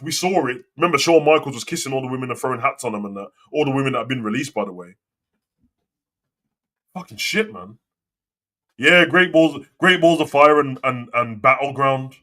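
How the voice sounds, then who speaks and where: A man's voice: mid-range voice, animated, fairly quick, bright, forceful tone. A young man hosting a live wrestling talk show, ranting and swearing in casual slang. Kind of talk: casual live commentary and rant.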